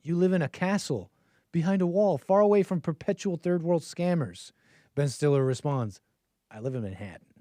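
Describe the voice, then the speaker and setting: A man's voice: high voice, normal speed, dark tone, dry recording, studio quality. A man hosting a call-in stream in casual commentary, rambling and joking, often laughing mid-sentence. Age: adult with a child. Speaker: call-in show host.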